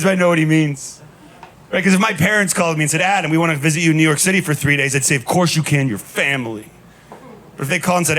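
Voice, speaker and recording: Deadpan stand-up comedian, club crowd laughing. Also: male voice, fairly high pitch. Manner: deadpan storytelling with punchy asides. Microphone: handheld stage mic. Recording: live club recording with noise. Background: audience laughter.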